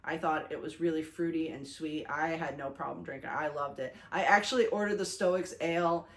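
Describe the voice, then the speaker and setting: Speaking briskly in a low-pitched voice, a young woman vlogs in a relaxed talking-head video. She's excitable and chatty, often using fillers and starting over mid-sentence.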